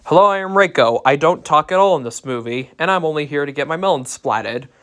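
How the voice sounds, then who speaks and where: A reviewer voicing a resentful male henchman fighter, deadpan and complaining. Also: mid-range voice, brisk, lightly acted.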